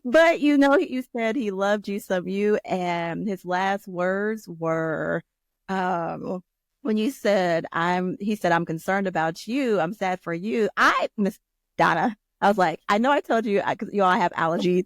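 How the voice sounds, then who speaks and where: A woman's voice: medium pitch, measured pace, no room sound, clean studio sound. A woman hosting a podcast interview, asking empathetic, rambling questions full of fillers. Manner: warm-hearted, rambling questions with many fillers. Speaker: podcast host.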